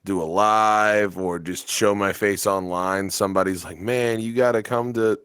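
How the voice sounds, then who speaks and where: Here a man co-hosts a podcast, teasing and rambling in casual chat with frequent laughter. He has a lowish, steady, resonant voice, fairly bright and clear, delivered a little slowly. It's captured on a home webcam rig yet sounds dry and studio clean.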